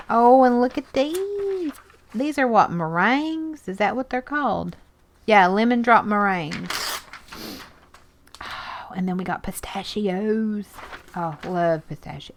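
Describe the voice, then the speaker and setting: A woman's voice: medium pitch, a little hiss or hum. A woman chatting casually as she sorts through magazines, exclaiming over pictures and reading bits aloud. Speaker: art journaling video host. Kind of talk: casual chat while sorting magazines.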